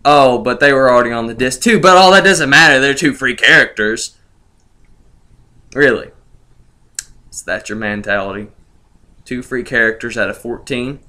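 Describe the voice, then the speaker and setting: Sarcastic young man ranting, bright voice. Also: medium pitch, moderate pace, pauses often. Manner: sarcastic, gloating, laughs incredulously. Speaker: gaming vlogger. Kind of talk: ranting video commentary.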